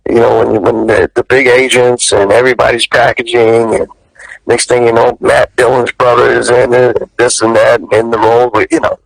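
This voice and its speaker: Gravelly actor guy telling a wild story, cusses a lot, dry close sound. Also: dry recording, low-quality recording. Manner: lively, profane, leaps high when quoting people. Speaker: guest actor. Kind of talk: animated storytelling in an interview.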